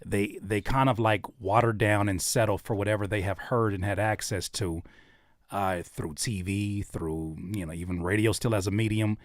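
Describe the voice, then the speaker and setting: A man's voice: lowish voice, fairly even intonation, normal speed, no room sound, studio quality. A man hosting a live stream, reacting to listeners' songs in casual, thoughtful talk with many fillers and restarts.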